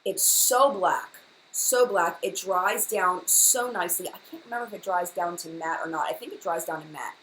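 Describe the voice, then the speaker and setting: A woman's voice: fairly low pitch, brisk, few pauses, a bit bright, slight background noise, low-quality recording. A woman hosting a casual live-stream makeup chat, gushing and enthusiastic, often repeating herself. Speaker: beauty vlogger, live chat host.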